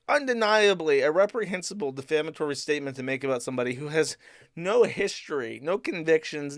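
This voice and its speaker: Streamer host, male, somewhat high voice, foul-mouthed and indignant, dry close sound. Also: a bit bright, no echo. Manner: profane, incredulous and indignant. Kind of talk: casual commentary stream.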